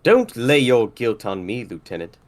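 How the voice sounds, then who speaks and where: A man's voice: medium pitch, sing-song, moderate pace, slight background noise, natural voice. A man voicing a cold, arrogant mad scientist who talks in a smug, clipped, condescending way.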